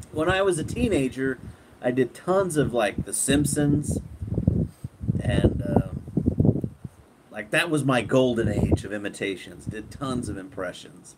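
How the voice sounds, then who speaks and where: A man hosting a casual live stream, relaxed, reading viewer comments aloud and laughing often. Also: medium pitch, slow, long pauses. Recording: clear background noise.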